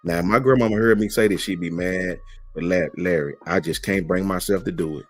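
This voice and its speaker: A man's voice: sits low, brisk, faint music behind. Laid-back man hosting a live stream. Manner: laid-back, slangy, reads out and answers chat messages. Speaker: host. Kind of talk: casual live-stream chat.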